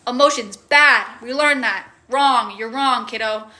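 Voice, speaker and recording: Clipped scolding teen boy as a woman puts him on, bright and high, stiff. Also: unhurried. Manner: clipped, curt phrasing. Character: emotionless older teen brother, stiff and scolding.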